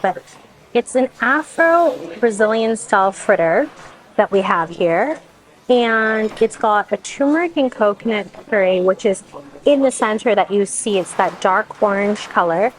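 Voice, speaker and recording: A woman's voice: medium pitch, low-quality recording. A woman food vlogger tasting dishes and talking to the camera, effusive and exclaiming often as she eats. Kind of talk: casual food review to camera.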